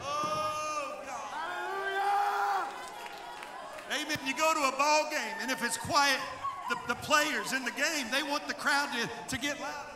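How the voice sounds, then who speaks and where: A pastor preaching a fiery sermon to his congregation, dropping to quiet asides and then building into shouted calls. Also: very high-pitched, slow, long pauses, a loud crowd. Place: church sanctuary with congregation. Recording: echoey church hall with congregation noise.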